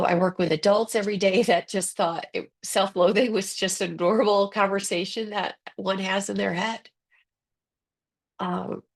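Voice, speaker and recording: A woman coach giving a webinar talk in an earnest, conversational way, acting out quotes and using many fillers. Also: mid-range voice. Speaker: ADHD coach presenting a webinar. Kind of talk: webinar presentation.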